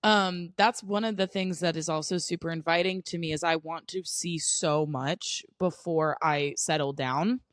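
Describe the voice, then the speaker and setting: A woman's voice: low voice, fairly even intonation, normal speed, hardly any pauses, dry recording. Chatty young American woman, dry sound. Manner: chatty, blunt, laughs easily, lots of "like". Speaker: podcast co-host. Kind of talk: casual podcast chat.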